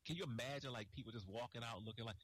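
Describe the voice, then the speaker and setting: A man co-hosting a wrestling podcast in casual chat, loud and profane, laughing often. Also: mid-range voice, rapid-fire, slightly rough, no room sound, poor audio. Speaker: podcast co-host.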